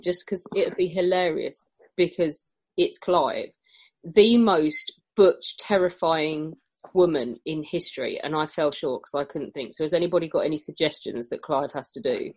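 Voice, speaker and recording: A woman's voice: fairly low pitch, normal speed, husky, poor audio. Teasing woman hosting a chat. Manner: laughing, lively and teasing. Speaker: host. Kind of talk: casual chat.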